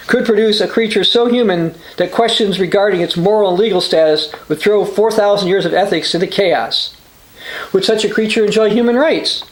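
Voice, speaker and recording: Male preacher, high-pitched, reads quotes and scripture for a sermonette, some hesitations; roomy echoey sound. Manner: reads quotations aloud with frequent uh and restarts. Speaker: preacher hosting a religious news channel. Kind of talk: short sermon reading news and scripture.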